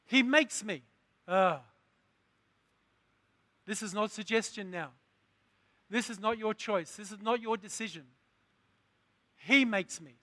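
A man's voice: high voice, slow pace, long pauses, pushed and bright, no room sound. A man preaching a sermon, asking the congregation questions and building to emphatic lines. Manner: call-and-response preaching, rising to emphatic.

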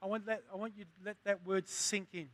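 A man's voice: sits high, level tone, fast talker. A man preaching a sermon, asking the congregation questions and building to emphatic lines. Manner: call-and-response preaching, rising to emphatic.

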